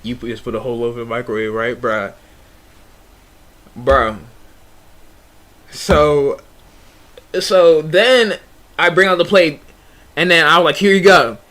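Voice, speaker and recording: A young man streamer telling a story in a casual, animated way, full of slang and restarts. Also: on the high side, slow, pauses often.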